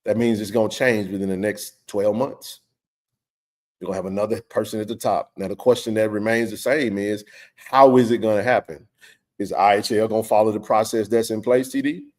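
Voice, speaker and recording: A man's voice: lowish voice, fairly even intonation, fairly quick, darkish tone. Fired-up middle-aged man ranting. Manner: passionate, emphatic ranting with blunt slang. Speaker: host of a sports stream. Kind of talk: live-stream sports talk.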